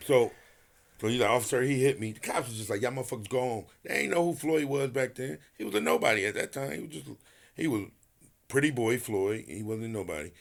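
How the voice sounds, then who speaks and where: A man's voice: medium pitch, a little fast, gravelly. A man, a retired boxer and podcast guest, telling a story in casual, profane talk and acting out each person's lines. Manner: animated storyteller acting out quotes, profane, laughing.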